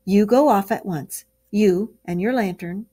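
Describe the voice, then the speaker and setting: A woman voicing a brisk, masterful male water rat who gives hearty orders in a storybook read-aloud. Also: mid-range voice, warm tone, natural voice. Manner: hearty, commanding.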